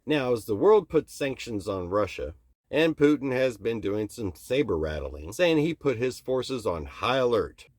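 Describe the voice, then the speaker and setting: A man's voice: mid-range voice, big pitch swings, measured pace, darkish tone, no room sound, studio quality. A man from the United States, a channel host, giving a blunt opinion rant to camera with frequent swearing. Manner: blunt and profane.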